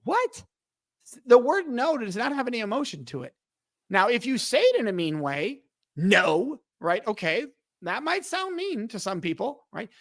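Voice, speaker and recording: A man's voice: very high voice, wildly swooping pitch, normal speed, a bit bright, no room sound. A middle-aged man and podcast guest, explaining emphatically and acting out quoted dialogue in conversation. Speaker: podcast guest, speaker on respect.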